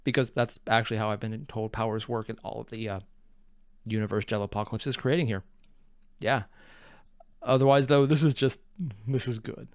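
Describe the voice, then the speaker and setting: A man's voice: on the low side, fairly even intonation, fairly quick, pauses often, clear, resonant tone, no echo, studio quality. A man hosting a reaction video, rambling in a casual, self-deprecating way.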